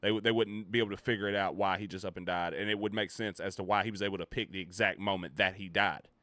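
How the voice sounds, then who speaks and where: A man reacts on stream in loose, casual commentary. He thinks aloud, stumbling through fillers and restarts in a bright, forceful voice. His voice is fairly low and recorded dry and close. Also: steady tone, fast talker, no echo.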